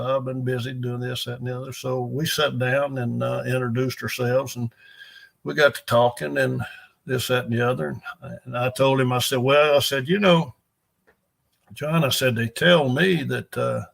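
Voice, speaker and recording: An older man with a gravelly, fry-edged voice spins folksy coaching stories, chuckling as he goes. His delivery wanders through asides and restarts, plain and unhurried. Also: medium pitch. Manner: folksy, rambling anecdotes with chuckles. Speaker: guest, NFL strength and conditioning coach. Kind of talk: storytelling interview.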